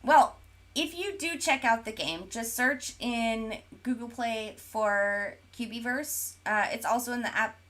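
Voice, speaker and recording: A woman's voice: a little high, unhurried, a bit bright. A woman co-hosting a casual gaming podcast, chatting and reading viewer comments aloud with lots of fillers. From Oklahoma, USA. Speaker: podcast co-host. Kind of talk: casual chat while streaming.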